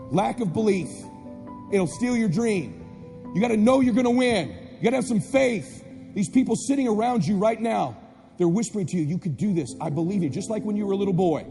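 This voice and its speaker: A man giving a fiery motivational speech to a live audience, hammering the same lines over and over and at times shouting. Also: sits high. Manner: insistent, repetitive exhortations, bursts of shouting. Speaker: motivational speaker. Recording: echoey hall, music underneath.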